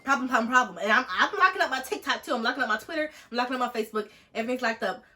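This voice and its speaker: A young woman vlogger telling a story in a sassy, animated way, acting out the text messages. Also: fairly high pitch, very fast, slight background noise. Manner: animated, sassy, acts out texts. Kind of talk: storytime chat.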